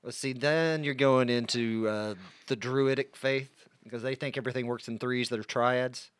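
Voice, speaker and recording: A man's voice: mid-range voice, fairly even intonation, normal speed, clear, resonant tone, dry recording. A man co-hosting a podcast in casual banter, dropping wry quips and corrections. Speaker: podcast co-host.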